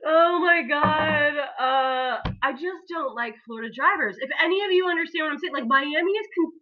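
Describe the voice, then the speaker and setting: A woman's voice: high-pitched, moderate pace. A woman co-hosting a casual podcast chat, brash and profane, laughing often and a little tipsy. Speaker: podcast co-host. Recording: slightly dull lo-fi recording.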